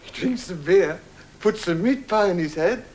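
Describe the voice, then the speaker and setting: A man's voice: high voice, expressive, normal speed, darkish tone. A man doing a stiff old British politician. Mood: dry. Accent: British English. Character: stiff elderly male British politician telling a pub joke. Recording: archive TV broadcast with audience.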